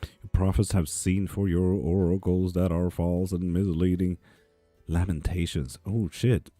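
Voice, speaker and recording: Deep-voiced, profane male tarot streamer. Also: flat delivery, unhurried, mellow, no room sound, soft background music. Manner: profane, sarcastic, laughs often. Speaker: live tarot reader and stream host. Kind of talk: casual live-stream chat, reading comments aloud. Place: apartment.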